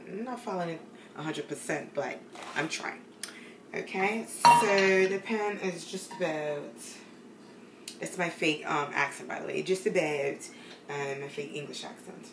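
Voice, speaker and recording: A woman's voice: sits low, recorded from a distance, noisy background. A young woman talking casually through a cooking tutorial in her home kitchen at night, rambling with many fillers. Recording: echoey kitchen, voice away from the mic, clear cooking clatter. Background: pans, dishes and frying sounds.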